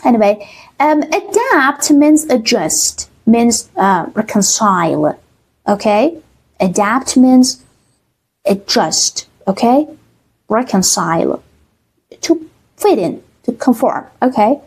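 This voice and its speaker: A woman English teacher with a Persian accent, explaining exam reading answers slowly, with many fillers and a checking "okay?". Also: fairly high pitch, big pitch swings, breathy edge. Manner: slow, many fillers, repeats words with "okay?". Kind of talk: online exam-prep lesson.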